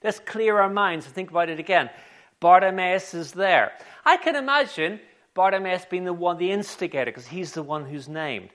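Animated preacher. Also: male voice, high voice, moderate pace. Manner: animated storytelling, conversational. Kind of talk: sermon.

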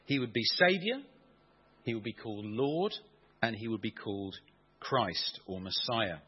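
A man preaching a sermon, animated and playful, asking the congregation questions as he explains. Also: lowish voice, a little slow, slightly rough, lo-fi sound.

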